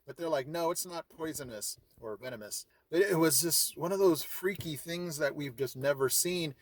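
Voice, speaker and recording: A man's voice: fairly high pitch, normal speed, no echo. A middle-aged man, hosting his vlog and telling a story casually, acting out his own reactions as he goes. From California. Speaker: vlog host.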